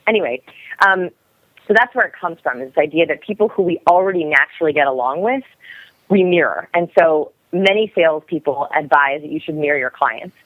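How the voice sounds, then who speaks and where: A young woman who talks quickly and energetically, explaining as a guest expert in a podcast interview. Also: low voice, dry recording. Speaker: guest expert on body language. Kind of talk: podcast interview over the phone. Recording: dry, tinny phone line.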